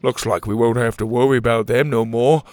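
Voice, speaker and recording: A man voicing an excitable young platypus in a high, squeaky, frantic voice. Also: brisk, dry recording, lightly acted. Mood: grateful. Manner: frantic and breathless.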